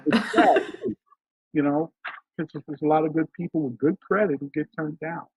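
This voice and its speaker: Casting: husky, fairly high-voiced man from Philadelphia, emphatic storyteller, over a thin phone-like line. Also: fairly even intonation, normal speed, dry recording. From Philadelphia, USA. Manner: emphatic, storytelling, acts out quoted dialogue. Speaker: financial consultant, guest. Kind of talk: casual interview talk. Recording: dry, tinny phone-like line.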